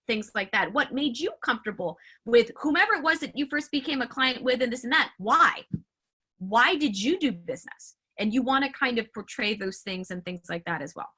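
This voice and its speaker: Chatty lady coaching her team on a video call, lots of like and you know, bright highish voice. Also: normal speed, slightly rough. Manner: chatty, filler-heavy, animated. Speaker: sales trainer. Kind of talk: casual training call.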